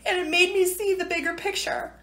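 Tearful high-voiced woman, chatty. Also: fairly even intonation, fairly quick, pushed and bright. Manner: chatty, rambling, emotional, frequent "right?" and "you know". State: tearful, near crying. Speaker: direct-sales team leader. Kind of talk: casual livestream talk to viewers. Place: at home.

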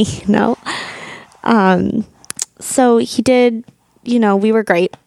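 Candid woman with a gravelly voice. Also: mid-range voice, steady tone, takes it slowly, a little mellow, dry recording, clean studio sound. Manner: candid, emotional, swears freely. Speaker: podcast host and doula. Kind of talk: personal birth story.

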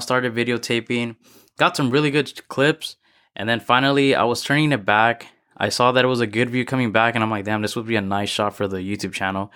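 A young man hosts his own casual solo motivational podcast, a little out of breath as he tells a story, rambling and correcting himself with frequent restarts. His medium-pitched voice is bright, forceful, clear, and resonant.

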